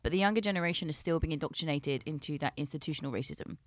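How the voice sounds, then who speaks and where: A woman's voice: low-pitched, racing, dry recording. A woman hosting a casual podcast chat, posing questions and explaining the thinking behind them. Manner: leading, explains her questions.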